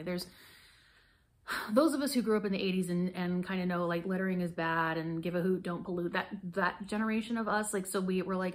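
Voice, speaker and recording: A woman in her forties reviewing hand care products in a casual vlog, rambling, self-deprecating and laughing often. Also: medium pitch. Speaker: beauty vlogger.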